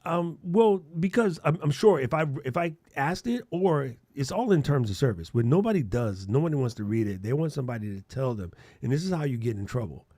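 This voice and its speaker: A middle-aged man co-hosting a podcast in casual chat, animated and playful, full of slang and mouth-made sound effects. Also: mid-range voice, fairly quick, hardly any pauses, no echo, studio quality. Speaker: podcast co-host.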